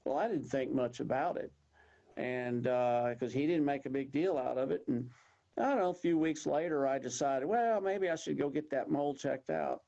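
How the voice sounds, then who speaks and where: A man's voice: mid-range voice, moderate pace, gravelly, mellow, dull audio. A man in his sixties from Texas with a Texan accent, a guest telling a rambling, folksy personal story and acting out what others said. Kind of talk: storytelling in an interview.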